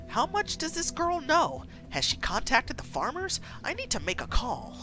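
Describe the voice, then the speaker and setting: Smug politician man read by a woman, bright voice, animated delivery. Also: sits high, moderate pace, faint music behind, pitched above the performer's own voice, full character voice. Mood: suspicious. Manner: slick, then snapping. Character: smug, defensive male city politician.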